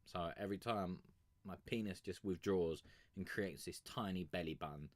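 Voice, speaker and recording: On a dry recording, a man with a deep voice talks at a moderate pace to his stream audience. A music review streamer, he rambles and jokes crudely on a sugar rush, trading profane banter with chat.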